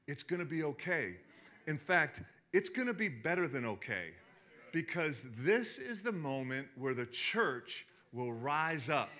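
A man's voice: a little high, sharp tone. A middle-aged man giving a sermon as a pastor, talking conversationally with lots of restarts and fillers.

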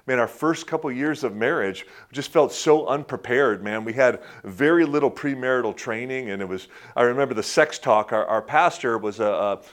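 A pastor in his fifties gives a conversational sermon in a mid-range voice at normal speed, with hardly any pauses. He tells personal stories in a folksy way, restarting sentences often and chuckling along the way.

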